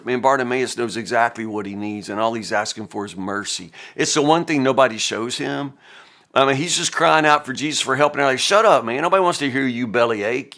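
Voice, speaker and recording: A man's voice: mid-range voice, gravelly, pushed and bright. A man giving a casual Bible devotional talk in a folksy, conversational way, stumbling over repeated words and acting out quotes.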